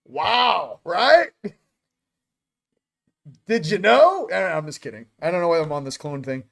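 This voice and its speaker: A man's voice: a little high, very animated, a little fast, gravelly. A man hosting a casual morning chat, joking and rambling as he goes. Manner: joking, rambling, self-interrupting. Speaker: host.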